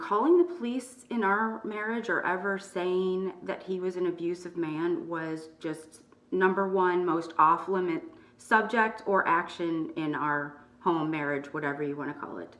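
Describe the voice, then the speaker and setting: Soft-spoken woman in an echoey room. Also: lowish voice, far from the mic. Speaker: YouTube channel host. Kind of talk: personal testimony, partly reading from her book.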